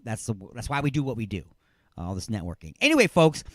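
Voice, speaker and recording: A man hosting a live radio talk show, plugging his station in a loose, rambling way with playful jokes, swinging from loud hype to mumbled asides. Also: lowish voice, expressive, fast talker, dry recording, studio quality. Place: radio studio.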